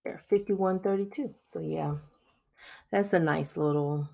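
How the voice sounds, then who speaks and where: Woman, low voice, gravelly, casual budget vlog chatter. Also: unhurried, darkish tone. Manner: chatty, addresses viewers as y'all, laughs often. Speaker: budgeting vlogger. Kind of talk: casual screen-recorded budget walkthrough.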